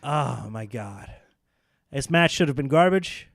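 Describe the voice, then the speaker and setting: A man co-hosting a casual wrestling podcast, sarcastic and quick to act out mock quotes in silly voices. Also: mid-range voice, expressive, gravelly, no echo, clean studio sound. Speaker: podcast co-host.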